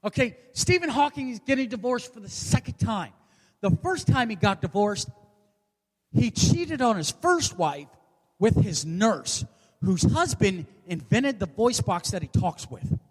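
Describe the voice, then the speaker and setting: Brash, high-voiced comedian in his forties. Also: very animated, measured pace. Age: 40s. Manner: brash, profane, self-mocking punchlines. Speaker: stand-up comedian. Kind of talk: stand-up comedy set. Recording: long hall reverb.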